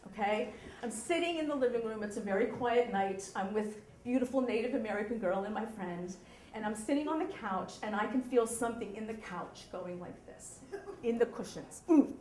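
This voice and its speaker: A woman telling a true story live on stage, animated, often checking in with the audience. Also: on the high side, roomy sound.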